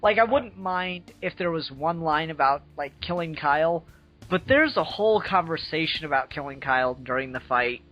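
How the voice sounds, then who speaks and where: A man's voice: a little high, expressive, moderate pace, dull audio, faint music behind. A man in casual chat about a comic book, enthusiastic and swearing, often hedging. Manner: enthusiastic, swears, hedges with "I don't know". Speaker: co-host reviewing a comic book.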